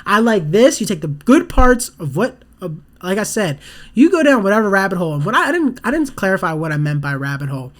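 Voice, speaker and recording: A casual podcast host thinks out loud in a meandering monologue, leaning on "you know" and "like" and restarting sentences midway. They often slip into little quoted asides, voicing what someone thinks to themselves. The pitch sits in an ordinary middle range. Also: sing-song, fast talker. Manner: rambling, loose, full of "you know" and "like", restarts mid-sentence; acts out inner thoughts in quoted asides.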